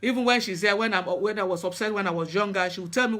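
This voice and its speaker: In a fairly bright voice of medium pitch, an earnest middle-aged woman relates a personal story. She is a spiritual practitioner whose first language is Yoruba, and she speaks haltingly, restarting often.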